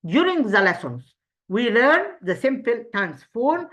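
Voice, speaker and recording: A woman teacher with an Egyptian accent, a native Arabic speaker, reviewing English grammar for an exam, halting, with many restarts, asking and answering her own questions. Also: on the high side, big pitch swings, a bit bright.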